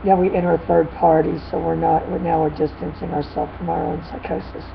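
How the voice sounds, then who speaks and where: A woman dog trainer chatting casually in a vlog, retelling a dispute in an animated, rambling way with frequent laughs. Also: lowish voice, fairly quick, gravelly. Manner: animated storytelling, laughs often. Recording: dull lo-fi with faint noise.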